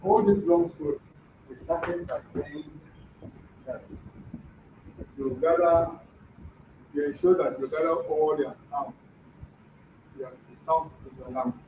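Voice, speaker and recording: A man's voice: fairly high pitch, measured pace, long pauses, mellow, a little hiss or hum. A man teaching a classroom lesson, often quizzing the students with questions. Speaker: language teacher. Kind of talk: classroom lecture. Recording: dull echoey room from far off.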